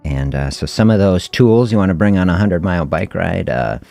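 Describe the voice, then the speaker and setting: Very deep-voiced middle-aged male host. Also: normal speed, gravelly, soft background music. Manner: relaxed, chuckles often, reflective. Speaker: host of a fasting health podcast. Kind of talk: casual livestream storytelling.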